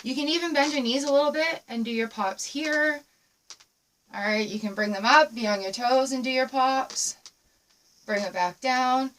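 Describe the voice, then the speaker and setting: An encouraging woman dance teacher leads a home lesson, calling out counts and cues while she moves. Her voice sits a touch high, a little breathless, and it reaches the mic from across the room. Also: normal speed, fairly bright tone, recorded from a distance, a little hiss or hum. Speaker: dance instructor. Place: room at home with a squeaky floor.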